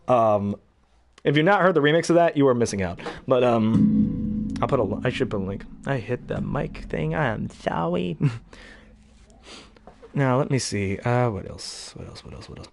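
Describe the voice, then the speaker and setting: A man's voice: medium pitch, lively intonation, moderate pace, creaky, darkish tone, no echo. A young man casually chatting between impressions, rambling and hesitant with many fillers. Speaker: hobby voice actor.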